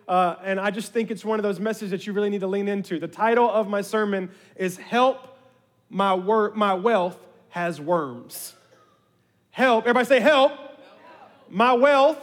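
A man's voice: high voice, big-room sound. A male pastor preaching a sermon, telling stories and drawing in his congregation. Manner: storytelling, animated with his congregation.

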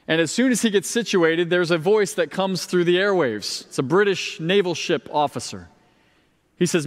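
A male pastor delivers a sermon in a relaxed, conversational way with touches of humor. His voice sits notably high for a man. The sound carries the long reverb of a large church sanctuary. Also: normal speed. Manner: conversational, lightly humorous preaching.

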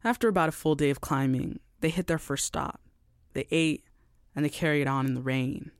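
A man hosting and narrating a story in a measured, dramatic way. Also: a little high, creaky, smooth, dry recording, clean studio sound, soft background music. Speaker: host and narrator. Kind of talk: scripted narration.

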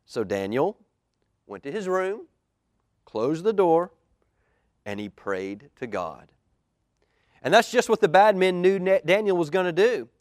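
Pastor guy reading a kids' bible story, fairly high voice, dry sound, keeps quizzing the kids. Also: a little slow, pauses often, dry recording. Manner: lively, asks the children questions. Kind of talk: reading a children's storybook aloud. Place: church auditorium.

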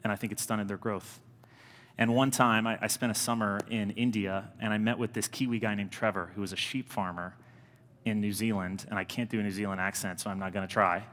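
A male pastor in his thirties delivers a sermon in a casual, heartfelt manner and leans on repetition to drive points home. His voice sits on the low side. The sound carries the long reverb of a large church sanctuary. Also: steady tone, a little fast, a bit bright. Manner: earnest, conversational preaching with emphatic repetitions.

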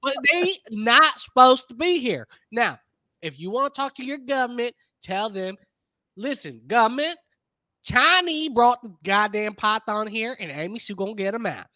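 A woman's voice: on the high side, animated, moderate pace, sharp tone, no echo, clean studio sound. A man voicing a brash, boastful female python huntress from Florida in her forties, in a comedy podcast bit. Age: 40s. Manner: boastful, swaggering, blunt.

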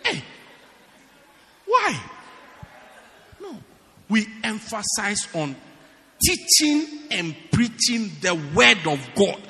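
Man, pastor, sermon, bright voice, emphatic repetition, long reverb. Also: high-pitched, wildly swooping pitch, very slow, pauses often. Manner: emphatic, repeats phrases for stress, swings between shouting and hushed tones. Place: church.

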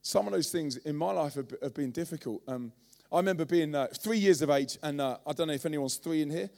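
Animated preacher in his forties. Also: fairly high pitch, fairly quick, vocal fry. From London, England. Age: 40s. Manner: animated storytelling, acting out voices. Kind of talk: sermon.

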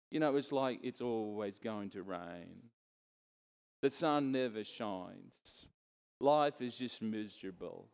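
A man's voice: medium pitch, darkish tone, long reverb tail. A middle-aged man preaching a sermon as a pastor, earnest and conversational, turning to the congregation with asides.

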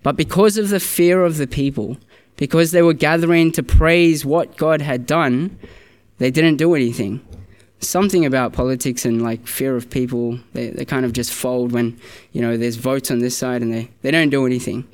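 A man's voice: mid-range voice, moderate pace, smooth. A man preaching a sermon in a church, earnest and conversational, often restarting his sentences. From Australia.

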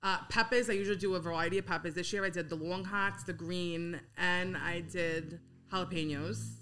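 A young woman with a Queens New York accent, chatting frankly as a guest about home cooking and gardening, blunt and quick to swear. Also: fairly low pitch, steady tone, a bit bright, slight background noise. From Howard Beach, Queens, New York. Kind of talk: casual podcast chat.

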